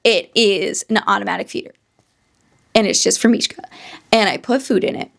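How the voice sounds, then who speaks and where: A woman's voice: mid-range voice, moderate pace, gravelly, fairly bright tone. A woman hosting her own podcast, telling a story casually and rambling off into tangents. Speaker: podcast host.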